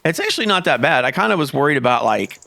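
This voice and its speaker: A man's voice: a little high, sing-song, fast, creaky, sharp tone, dry recording. Man rambling over a farming game. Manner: rambling, thinks aloud, easily exasperated. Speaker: gameplay commentator. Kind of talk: casual let's-play commentary.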